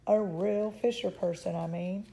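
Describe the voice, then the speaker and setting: A woman's voice: mid-range voice, steady tone, unhurried, vocal fry, warm tone. Woman reading as a wisecracking young girl.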